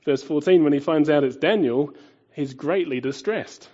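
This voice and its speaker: A man preaches a sermon in a husky, warm voice. He presses his points with rhetorical questions, rising loud and dropping quiet. The recording sounds dull and lo-fi. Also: on the high side, normal speed.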